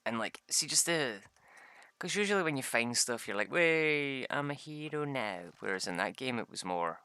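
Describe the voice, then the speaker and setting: A man's voice: mid-range voice, very animated, brisk, pushed and bright. A young man, rambling through tabletop game stories, swearing and laughing often. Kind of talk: casual chat.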